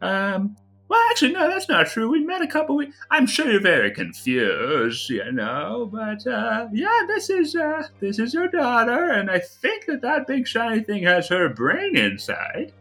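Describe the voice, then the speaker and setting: An eager, cheerful construct companion rambles on in a strained high voice, bright and forceful, hopping up and down in pitch, as a man puts him on. He talks as if desperate to be praised for his explanation. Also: big pitch swings, measured pace, heavily acted.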